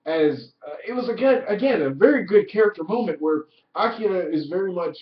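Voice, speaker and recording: Man, casual review, excited, swears a lot, filler "like", echoey room, muffled lo-fi sound. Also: high voice, fairly quick, hardly any pauses. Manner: excited, profane, heavy use of "like". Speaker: TV episode reviewer. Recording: roomy, distant, dull lo-fi audio.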